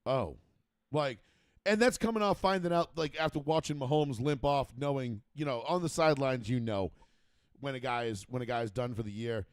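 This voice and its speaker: A man co-hosting a casual sports talk show, rambling and profane, restarting sentences and getting animated as he makes a point. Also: medium pitch, normal speed, smooth, no echo. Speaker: podcast co-host.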